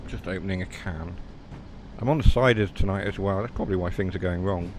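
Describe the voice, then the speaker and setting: A man's voice: low-pitched, a little fast, background noise. A man with a West Country English accent, chatting casually and rambling as he streams a train game, mocking himself now and then. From South West England. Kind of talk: casual live game commentary.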